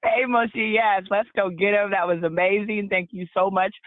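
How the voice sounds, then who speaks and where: A woman hosting a business conference call, brisk and upbeat as she announces the schedule. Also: medium pitch, fairly even intonation, no echo. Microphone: phone. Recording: dry phone line.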